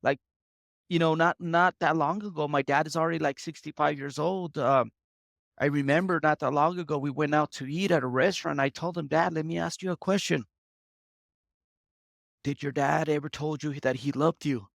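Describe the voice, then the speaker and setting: Man, 30s, tearful, earnest, halting delivery, raspy-edged, dry recording. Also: on the high side, fairly even intonation, a bit bright, no echo. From United States and Mexico. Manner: earnest, halting, repeats himself. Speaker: podcast guest. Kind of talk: emotional interview talk.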